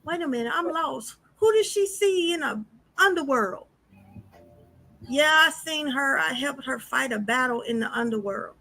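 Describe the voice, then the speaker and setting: A high, bright woman hosting a spiritual podcast in an animated, chatty way. She talks straight to her listeners and calls them y'all. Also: measured pace, soft background music. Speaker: podcast host. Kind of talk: casual spiritual podcast talk.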